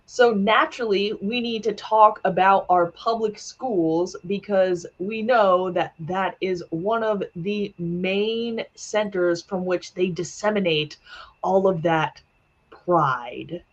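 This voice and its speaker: A woman's voice: medium pitch, takes it slowly, a bit bright. A woman hosting a casual interview over a video call, chatty and playful, laughing often. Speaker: host. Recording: dull lo-fi sound.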